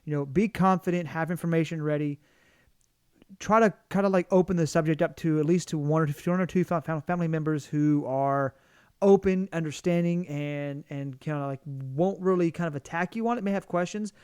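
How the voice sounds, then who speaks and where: A man's voice: on the high side, a little fast, darkish tone, clean tone, no echo, studio quality. A man from Georgia with a Southern accent, co-hosting a casual podcast chat in a playful, rambling way with lots of restarts. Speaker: podcast co-host.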